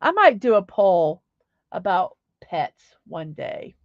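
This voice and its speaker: A woman's voice: medium pitch, sing-song, slow pace, no echo, muffled recording. A middle-aged woman hosting a casual home livestream, chatty and upbeat, reading viewers' comments aloud. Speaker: livestream host.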